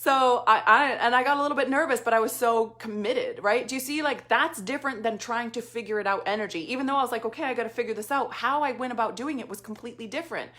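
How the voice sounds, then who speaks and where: A woman coach speaks in a slightly high voice. She tells her own story in a loose motivational talk and keeps slipping into quick acted-out asides. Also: pushed and bright. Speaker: business coach.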